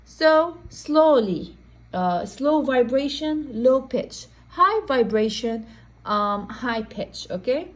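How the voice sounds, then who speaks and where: A woman teaching a recorded science lesson, explaining slowly in non-native English phrasing and often checking in with "okay?". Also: high voice, lively intonation, low-quality recording. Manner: slow, explanatory, repeats "okay?" to check understanding.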